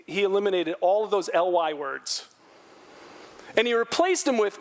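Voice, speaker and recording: Middle-aged man, pastor's sermon, high voice, animated, voices quotes loudly, goes quiet for earnest points. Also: moderate pace, long pauses. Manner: animated, acts out quotes in a raised voice.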